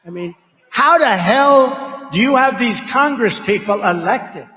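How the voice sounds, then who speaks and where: A man's voice: extremely high pitch, lively intonation, measured pace, pushed and bright, slight background noise. A man speaking as a political candidate at a campaign rally, blunt and rambling, full of asides and name-calling. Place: large rally venue. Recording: echoey rally hall reverb.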